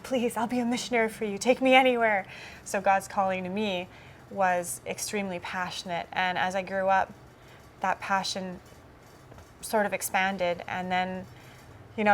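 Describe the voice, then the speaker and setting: A woman's voice: lowish voice, fairly bright tone, slight background noise. A woman cast member giving a personal testimony in an interview, telling her story in an earnest, reflective way.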